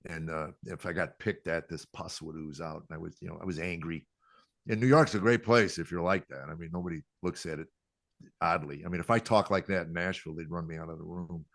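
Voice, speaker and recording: A man's voice: deep voice, fairly even intonation, brisk, fairly bright tone, no echo. An older man, a comedian, telling self-deprecating stories in a podcast interview. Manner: self-deprecating, quotes people in acted voices. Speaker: comedian guest.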